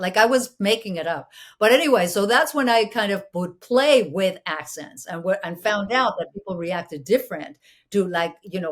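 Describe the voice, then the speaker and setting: A woman from Mexico, a Spanish native speaker, telling stories as an interview guest in a lively, restarting way. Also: medium pitch, normal speed. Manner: animated, full of restarts, playfully mimics voices. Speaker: actress and producer, guest. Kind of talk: conversational interview storytelling.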